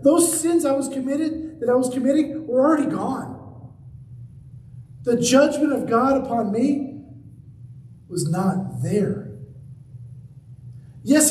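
A male pastor preaches in a high, mellow voice. He swings between lively raised passages and quiet, low stretches for emphasis. The sound comes from a distance in an echoing room, with a faint hum of ambience behind him. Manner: animated preaching, dropping to hushed low tones for emphasis. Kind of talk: sermon.

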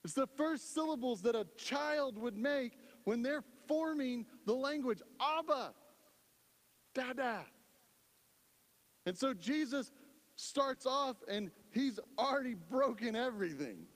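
A man's voice: extremely high pitch, animated, slow pace, a bit bright, in a large hall. A male pastor preaching a sermon in a conversational style, often checking in with the congregation. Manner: conversational preaching, lots of "right?".

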